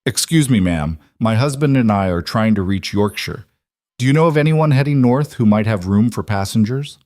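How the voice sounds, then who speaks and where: A man reading a story aloud, voicing a poor young seamstress who talks in a brisk, practical, teasing way, close on a dry mic. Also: on the low side, expressive, darkish tone, no echo, close to an everyday voice. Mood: pleading. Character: young woman, poor brave quick-witted seamstress.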